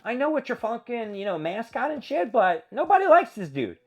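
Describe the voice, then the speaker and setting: A man's voice: very high voice, sing-song, a little fast, slightly rough. A man hosting a solo show, venting in a profane, exasperated rant. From Philadelphia area. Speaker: podcast host. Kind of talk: ranting solo monologue.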